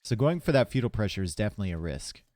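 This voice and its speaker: A man casting a live strategy game tournament, chatty and relaxed, chatting with viewers between plays from a home stream setup. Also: on the low side, very fast, no room sound. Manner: casual, chatty, talks to chat between plays. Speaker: tournament caster. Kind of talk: live esports commentary.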